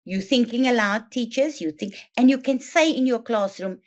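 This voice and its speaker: Presenting a teacher training webinar, a South African woman with a slightly high voice explains and demonstrates read-aloud techniques to teachers. Her delivery is slow, deliberate and emphatic, and her webinar mic yields dull, lo-fi audio.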